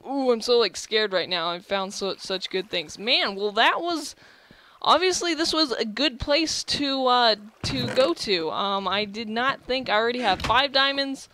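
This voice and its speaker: A young adult gaming host giving excitable, gushing let's-play commentary, often restarting sentences. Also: medium pitch, a little slow, a little hiss or hum.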